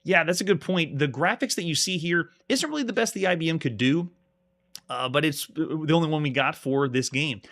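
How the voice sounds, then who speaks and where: A man's voice: a little high, moderate pace, a bit bright. A man streaming a live playthrough of an old adventure game, reading the screen text aloud and chatting with viewers between commands. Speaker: streamer playing retro games. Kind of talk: live gameplay commentary.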